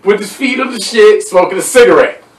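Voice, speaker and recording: A young man with a high, bright-sounding voice tells stories in a loose, animated way, slipping into other people's voices. He sounds set back from the mic in an echoey room, with the sound bouncing off the walls. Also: a little fast, recorded from a distance. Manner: animated storyteller, acts out voices and laughs. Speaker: podcast host. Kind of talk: casual chat.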